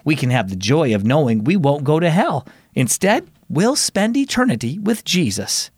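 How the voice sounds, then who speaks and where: A man voicing a calm, patient mother. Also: a little high, normal speed, slightly rough, no room sound, studio quality. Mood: reassuring. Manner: calm, explaining.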